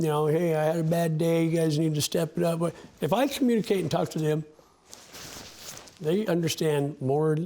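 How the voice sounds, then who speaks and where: A sled dog musher, interviewed as a guest, talks about his dogs in an earnest, heartfelt way, often restarting his sentences. His voice is a little high and a little mellow, and the talk is candid.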